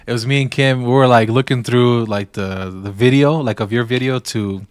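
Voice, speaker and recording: Casting note: male podcast co-host, mid pitch, joking and easygoing, dry close sound. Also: normal speed, smooth, no room sound. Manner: relaxed, says "bro" a lot, joking. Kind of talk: casual chat.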